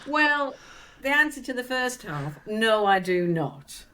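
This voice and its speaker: A woman's voice: on the high side, takes it slowly, a little hiss or hum. Chatty woman guest, laughing and rambling. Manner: animated, laughing, rambling with restarts. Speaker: actress guest. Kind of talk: casual interview chat.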